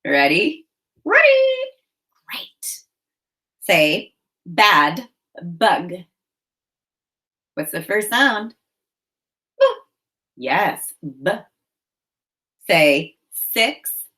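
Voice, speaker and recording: A woman teaching a phonics lesson for children, giving slow, clear, encouraging prompts. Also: lowish voice, animated, sharp tone, rough recording.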